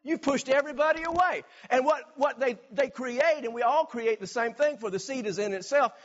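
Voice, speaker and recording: A man preaching a sermon, animated, acting out everyday scenes and repeating words for emphasis. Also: very high voice, muffled recording. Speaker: pastor.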